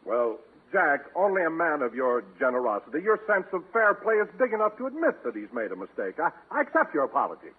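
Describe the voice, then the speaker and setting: A man's voice: fairly high pitch, big pitch swings, fast talker, few pauses, slightly rough. A man, a radio show announcer in a 1940s comedy, stiffly formal and sulky. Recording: tinny old radio broadcast.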